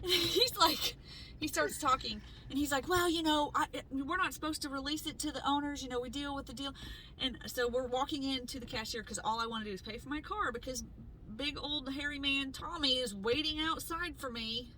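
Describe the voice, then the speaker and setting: A woman co-hosting a podcast, telling a story in casual chat, animated and swearing freely as she acts out what people said. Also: sits high, a little fast, a little hiss or hum, rough recording. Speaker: podcast co-host.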